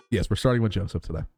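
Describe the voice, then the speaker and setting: A man's voice: on the high side, warm tone, slightly rough, no echo. A man with a New York accent streaming a game live, chatting casually with his viewers, laughing and swearing easily.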